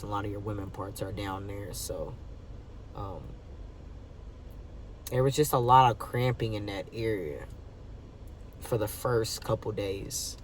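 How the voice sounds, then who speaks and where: Halting, emotional man recounting a hospital stay. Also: fairly low pitch, distant mic, slight background noise. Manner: halting and emotional, with many fillers and restarts. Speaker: vlogger. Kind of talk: personal storytime vlog.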